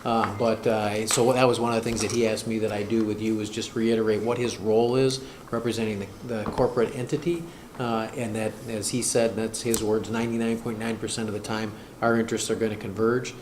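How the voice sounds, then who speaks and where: A man with a fairly low voice speaks at a board meeting, hesitant and full of fillers and restarts. The room is echoey, and steady noise sits behind him. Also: a little fast. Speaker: school district administrator. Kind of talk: meeting discussion. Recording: echoey room, noisy, far mic.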